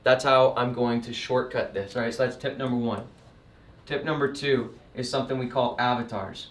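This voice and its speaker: A man giving a casual sales lesson in a middle-pitched voice, emphatic and conversational. He sounds a little distant from the microphone. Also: steady tone, moderate pace, fairly bright tone, echoey room. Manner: conversational and emphatic, acts out customer types. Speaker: sales trainer and painting business owner. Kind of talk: casual instructional talk. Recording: voice a bit distant from the mic.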